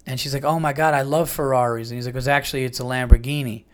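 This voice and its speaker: A man's voice: medium pitch, rapid-fire, slight background noise. A man hosting a podcast, telling a long story in a loose, rambling way with lots of fillers and restarts. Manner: animated retelling with many fillers and restarts. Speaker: podcast host. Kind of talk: casual storytelling.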